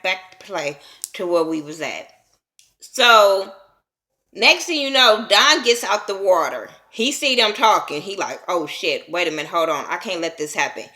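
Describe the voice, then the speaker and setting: Blunt, animated woman recapping a reality show. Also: mid-range voice. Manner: blunt, profane, animated retelling with voiced reactions. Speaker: TV show reviewer. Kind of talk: casual opinionated recap.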